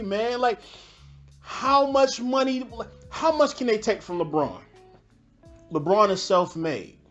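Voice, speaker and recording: A man's voice: sits high, animated, a little slow, lo-fi sound, soft background music. Slangy male podcaster, rhetorical questions. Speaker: podcast host. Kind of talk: casual reaction commentary.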